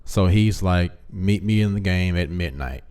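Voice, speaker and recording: Low, smooth-voiced man retelling a plot. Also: measured pace. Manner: animated storytelling, acting out characters' lines. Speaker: commentary vlogger. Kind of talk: casual plot recap.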